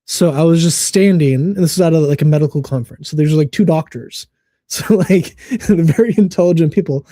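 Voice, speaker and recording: An American man in his thirties, co-hosting a casual podcast and telling stories in a relaxed, rambling way with fillers and laughs. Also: fairly high pitch, moderate pace, dry recording, studio quality. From United States. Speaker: co-host.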